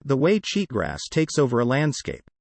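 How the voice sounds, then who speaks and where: A man narrating a novel in the first person, with a flat, sardonic storytelling manner. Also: mid-range voice, normal speed, dry recording. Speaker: audiobook narrator.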